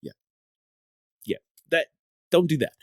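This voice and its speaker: A man's voice: takes it slowly, no echo, clean studio sound. A man hosting a podcast in casual chat, telling a story in a rambling way and often repeating and restarting his words. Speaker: podcast host.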